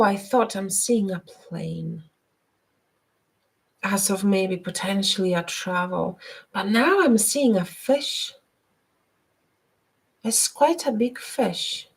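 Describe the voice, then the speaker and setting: A woman hosting a live stream and giving spiritual readings, talking gently with many hesitations and repeated words. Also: medium pitch, lively intonation, slow pace, pauses often, breathy edge. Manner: soft and gentle, guiding breathing.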